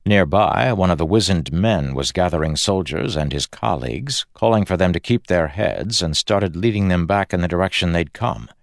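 A man reading a fantasy audiobook aloud in a measured, dramatic storytelling manner. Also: low voice, vocal fry, dry recording, studio quality. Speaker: audiobook narrator. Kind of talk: scripted fantasy narration.

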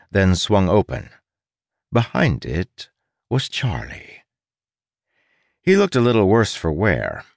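Wry, expressive male audiobook narrator. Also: sits low, creaky, no room sound.

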